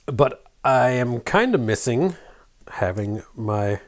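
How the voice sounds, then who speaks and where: A middle-aged man with a faint, mostly flattened Southern American accent, chatting casually and muttering to himself while working at a bench. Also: mid-range voice, slow pace. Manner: rambling, self-deprecating, mutters while working. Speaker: hobby shop owner building an RC truck.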